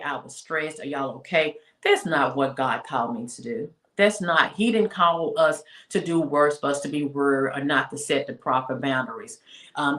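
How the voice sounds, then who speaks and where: A woman with a low voice gives a casual, faith-based talk in a roomy, echoing space. She preaches her points with emphasis, circles back to repeat them, and slows right down to drive them home. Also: pushed and bright. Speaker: speaker and women's mentor on a talk show. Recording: roomy echo.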